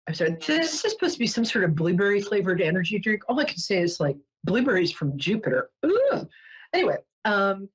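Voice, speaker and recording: A playful woman with a New York accent hosts a psychic show in a husky, slightly breathy voice. Her pitch sits low but swings widely as she jokes and digresses, all through dull, lo-fi webcast audio. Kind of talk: casual chatty monologue.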